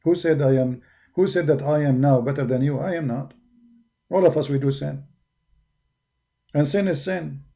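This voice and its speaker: Gravelly Arab-accented man debating. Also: on the high side, moderate pace, long pauses. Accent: Arabic. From Arab world. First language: Arabic. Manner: forceful, argumentative, with non-native grammar. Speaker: religious debater. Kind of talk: preaching monologue.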